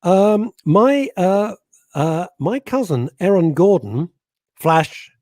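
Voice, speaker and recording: A man's voice: sits high, big pitch swings, slow pace, a little mellow, no room sound. Jokey British man co-hosting radio. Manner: jokey, reads out listener comments. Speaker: radio show co-host. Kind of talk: casual radio chat.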